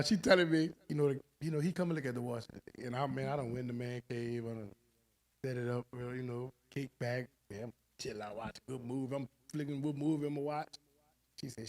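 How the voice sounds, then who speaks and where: A man's voice: mid-range voice, brisk. A man at a church Bible study telling a humorous personal story, acting out the voices of the people in it. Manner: animated storyteller who acts out quoted voices.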